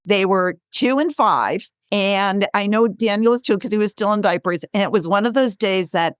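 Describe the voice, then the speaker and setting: Guest storyteller, woman, 60s, lively and expressive, mid-pitched, dry recording. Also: normal speed, clear, resonant tone, dry recording. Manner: lively, animated storyteller who acts out quotes. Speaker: guest, author and speaker. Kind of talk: storytelling in a podcast interview.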